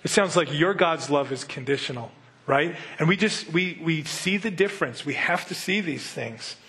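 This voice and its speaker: A man preaching a sermon with a somewhat high-pitched voice. As a middle-aged pastor, he keeps an easy, conversational tone and often turns to the listeners with rhetorical questions. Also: lively intonation, moderate pace, a bit bright.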